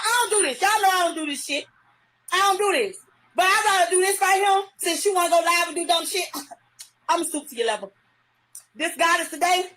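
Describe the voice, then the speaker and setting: A middle-aged woman in a heated, profane live-stream rant, often shouting. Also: very high voice. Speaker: livestreamer.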